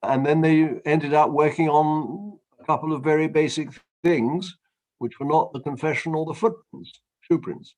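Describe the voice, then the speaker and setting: A male presiding appeal judge directing counsel in court, measured and authoritative as he sets out his reading of the record. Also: on the high side, fairly even intonation, darkish tone, poor audio. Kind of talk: judicial questioning in court.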